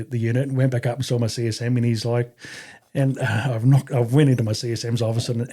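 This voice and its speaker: A man in his forties with an Australian accent tells a casual anecdote as a podcast guest. His voice is dark and slightly husky, and he swears freely and laughs as he talks. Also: medium pitch. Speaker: podcast guest, army veteran. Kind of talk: casual storytelling interview.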